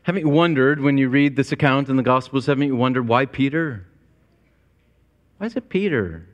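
A man's voice: mid-range voice, lively intonation, fairly quick, muffled recording. A man preaching a sermon to his congregation, earnest and storytelling, with a long church reverb. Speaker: pastor. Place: church sanctuary.

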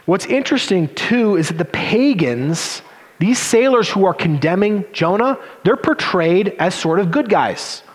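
A man preaching a sermon as pastor, animated and given to sarcastic asides. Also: high voice, a little slow. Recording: long reverb of a hall.

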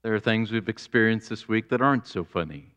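A man preaching a sermon as pastor, deliberate, building to fervent exclamations. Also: fairly low pitch, a bit bright.

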